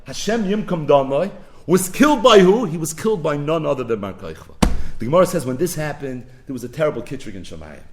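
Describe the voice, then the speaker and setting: A man's voice: fairly high pitch, sing-song, fast talker, slight background noise. A man teaching a Talmud lesson, retelling the story dramatically and building to emphatic peaks. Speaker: Talmud lecturer.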